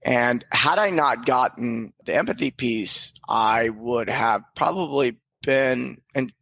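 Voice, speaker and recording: A man's voice: medium pitch, slow, vocal fry, a bit bright. A man guest on a podcast, telling a candid personal story in an earnest, reflective way, with casual swearing and frequent restarts.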